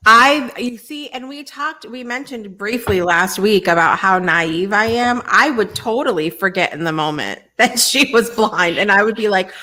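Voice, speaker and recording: A woman's voice: mid-range voice, normal speed, hardly any pauses, sharp tone. A woman hosting a casual chat show, talking in a reflective way with many restarts. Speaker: host.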